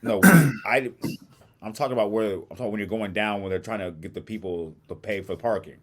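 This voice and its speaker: A man co-hosting a podcast, telling a long story in a casual, animated way and acting out other people's lines with plenty of swearing. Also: fairly low pitch, a little fast, slight background noise. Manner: animated storyteller, acts out quotes, swears freely. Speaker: podcast co-host.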